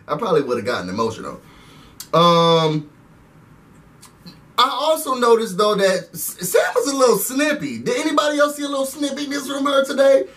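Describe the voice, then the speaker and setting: A man giving a chatty, animated recap and rant to his viewers, calling them "y'all" as he talks. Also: high voice, distant mic. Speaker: reality TV recap vlogger. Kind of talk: casual recap rant to camera.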